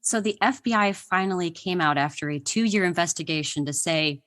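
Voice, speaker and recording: A woman guest on a podcast with a slightly low voice. She spins history anecdotes in a chatty, conversational way and giggles often. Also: normal speed, few pauses, fairly bright tone. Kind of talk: casual interview chat.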